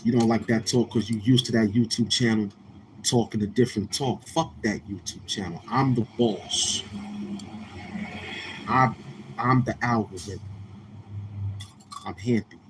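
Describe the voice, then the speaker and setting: Brief: male livestream host, New York accent, lowish voice, blunt, profane, in-your-face. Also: fairly even intonation, normal speed, slight background noise. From Queens, New York. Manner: brash, profane, confrontational. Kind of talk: casual livestream chat with viewers.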